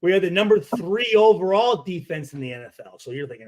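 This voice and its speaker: A man telling profane, animated locker-room stories as a guest on a football chat show. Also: sits high, fast. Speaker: former pro football player guest. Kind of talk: storytelling in a podcast chat.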